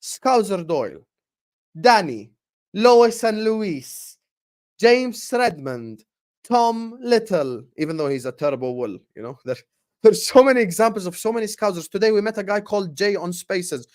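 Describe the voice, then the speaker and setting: A man hosting a casual football fan livestream, ranting passionately and giving shout-outs to viewers, often repeating and restarting words as he gets worked up. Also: high-pitched, expressive, normal speed. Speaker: football fan channel host.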